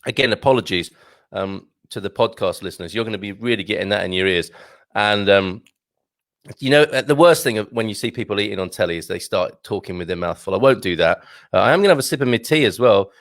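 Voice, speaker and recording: This morning live streamer has a lowish voice, lively intonation, and a quick pace, captured in a dry recording. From his green-screen home studio, he reads out viewer comments, joking and chatting casually.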